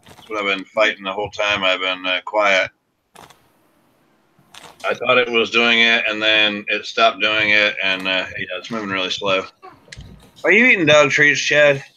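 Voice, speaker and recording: A man chatting casually about beer and family on a video call, laid-back and quick to laugh. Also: lowish voice, sharp tone, clear, resonant tone, low-quality recording. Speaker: beer review show host. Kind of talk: casual chat.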